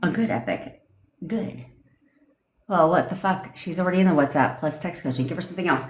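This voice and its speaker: A woman with a lowish voice talks fairly quickly on a livestream from her home desk, the sound roomy and echoey. She's a manifestation coach answering viewer comments in a blunt, fired-up rant, swearing freely.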